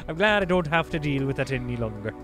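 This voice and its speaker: A man's voice: on the high side, animated, fast, lightly acted. A man reading out a British ship captain's log in a hammy put-on accent that keeps slipping between regions, with game music behind. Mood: grim. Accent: mock British, drifting between regions.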